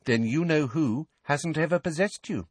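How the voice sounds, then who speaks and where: A man's voice: a little high, very animated, moderate pace, fairly bright tone, breathy edge, dry recording, voice pushed up, heavily acted. Man voicing a blunt, cool teenage girl. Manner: blunt, matter-of-fact.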